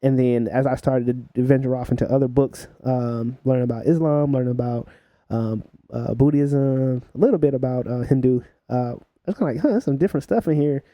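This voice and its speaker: A young man telling stories as a podcast guest in a relaxed chat, laughing often and filling pauses with "uh" and "like". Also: mid-range voice, no echo, muffled recording. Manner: laughs while telling stories, many fillers. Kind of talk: casual storytelling chat.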